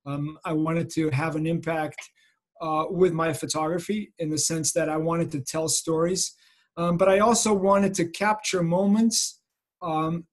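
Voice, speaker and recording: Middle-aged man from Massachusetts, slightly raised pitch, earnest, filler-heavy lecture. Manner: earnest, many fillers, reflective. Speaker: photojournalist guest speaker. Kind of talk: informal lecture. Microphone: video call.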